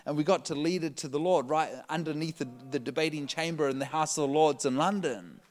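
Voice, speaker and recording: A man preaching a sermon, telling a story to his audience in an animated way, laughing often and raising his voice as he gets excited. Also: fairly high pitch, fairly quick, a little hiss or hum.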